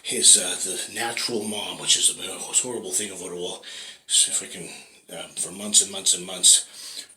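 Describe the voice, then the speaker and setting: A man's voice: deep voice, steady tone, normal speed, pushed and bright. A man vlogging in a casual, rambling way, swearing often and checking in with "right?". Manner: rambling, profane, keeps asking "right?". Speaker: fitness vlogger. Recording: echoey room with faint noise.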